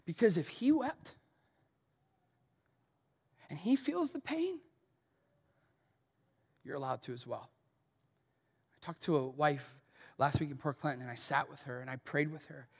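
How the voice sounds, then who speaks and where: A male pastor with an American accent preaching a sermon, emphatic, rising to loud urgency and dropping to hushed softness. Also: on the high side, animated, a little slow, gravelly, pauses often, breathy edge. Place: large church auditorium. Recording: long hall reverb.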